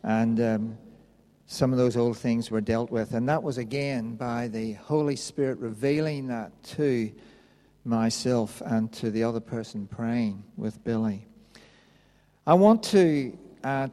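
A man preaching a sermon, reading a Bible passage aloud in a slow, measured way. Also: mid-range voice, fairly even intonation, mellow. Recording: long reverb of a hall.

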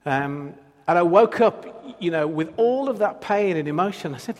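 A man's voice: high-pitched, lively intonation, moderate pace, hardly any pauses, a little mellow, in a large hall. A man preaching a sermon as pastor, earnest and building through repeated phrases. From Britain.

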